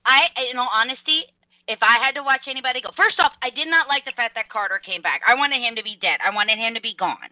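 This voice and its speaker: A woman hosting a casual podcast chat, blunt and animated, swearing casually. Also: on the high side, quick pace, no echo. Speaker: podcast host. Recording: phone-like narrow sound, dry.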